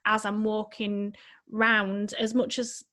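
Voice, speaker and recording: A woman chats on a podcast in a heartfelt, emotional way. She rambles and restarts her sentences as her thoughts unfold. Her pitch sits in the ordinary middle range for a woman. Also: level tone, takes it slowly, fairly bright tone. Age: adult, married with children. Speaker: life coach, podcast guest. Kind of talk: casual podcast conversation.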